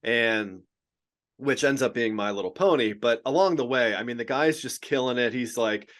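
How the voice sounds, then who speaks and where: A man's voice: mid-range voice, normal speed, a bit bright. Joking, rambling male podcast host. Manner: rambling, joking, laughs often, swears. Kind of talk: casual chat.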